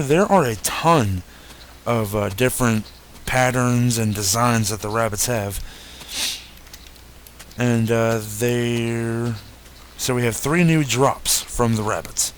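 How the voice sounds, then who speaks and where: A young gaming YouTuber walks through a game update in a relaxed, easygoing way, often pausing, using fillers, and correcting himself. His pitch is ordinary, and a faint hum sits behind his voice.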